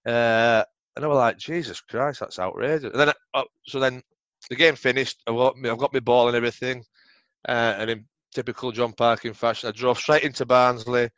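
A man's voice: medium pitch, flat delivery, fairly quick, fairly bright tone, smooth, dry recording, lo-fi sound. A middle-aged man with a Yorkshire accent telling rambling, sweary football stories in a casual interview. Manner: swears freely, rambling anecdotes. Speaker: podcast guest, former footballer.

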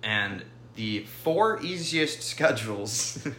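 A man's voice: on the low side, lively intonation, takes it slowly, pushed and bright, reverberant. A young man co-hosting a casual sports podcast, wry and teasing in his delivery. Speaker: podcast co-host.

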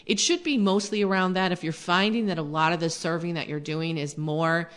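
Low-voiced woman teaching on a faith podcast. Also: brisk. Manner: earnest, conversational, with many fillers. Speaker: podcast host.

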